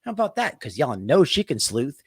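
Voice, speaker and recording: A man's voice: big pitch swings, brisk, slightly rough. Profane ranting livestream host, man. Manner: profane, ranting, swings from loud outbursts to low mutters. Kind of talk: heated livestream commentary.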